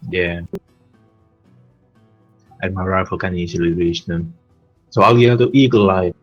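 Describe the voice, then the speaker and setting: A man's voice: low-pitched, unhurried, no echo, highs cut off, soft background music. A man playing a tabletop game, stating his moves in a plain, matter-of-fact way. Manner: plain, matter-of-fact, states actions step by step. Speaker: player.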